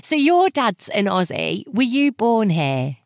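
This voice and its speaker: A woman's voice: medium pitch, very animated, slow pace, no room sound, studio quality. A woman interviewing a guest, asking friendly, curious questions and laughing along.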